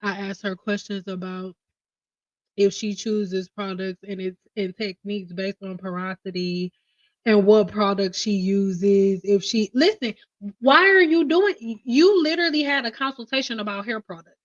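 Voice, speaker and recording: A woman's voice: medium pitch, fairly even intonation, moderate pace, dry recording. A woman hosting a casual hairstylist livestream, blunt and teasing, laughing often. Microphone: livestream mic. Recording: slightly dull livestream audio.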